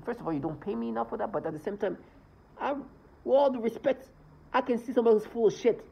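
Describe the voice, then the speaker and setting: A man's voice: very high-pitched, fast talker, gravelly, slightly rough, dull audio. A man ranting indignantly in a vlog monologue, swearing as he talks. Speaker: vlogger.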